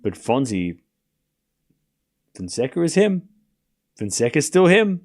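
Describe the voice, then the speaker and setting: A man's voice: medium pitch, big pitch swings, takes it slowly. A man hosting a live tennis watchalong stream. He calls the score between points and argues sarcastically with his chat. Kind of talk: live commentary and casual chat with viewers.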